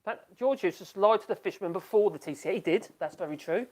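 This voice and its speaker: A man's voice: high-pitched, lively intonation, quick pace, a little mellow. Chatty man on a live stream. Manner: chatty, rambling, laughs often, reacts aloud to comments. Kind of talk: casual live-stream chat reading viewer comments. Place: home workshop.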